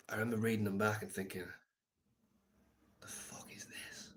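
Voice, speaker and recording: A man live streaming, telling a reflective story in a soft, halting way with many pauses. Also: deep voice, vocal fry.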